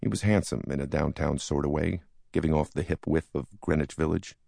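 A man's voice: very deep voice, fairly quick, vocal fry, dark tone, no room sound. Male audiobook narrator, wry first-person memoir read, dry close recording.

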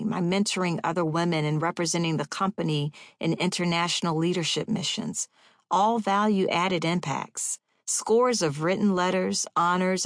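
A woman in her forties reading her own memoir as a first-person audiobook, in a measured, deliberate way. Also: low voice, no echo, studio quality. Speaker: audiobook narrator.

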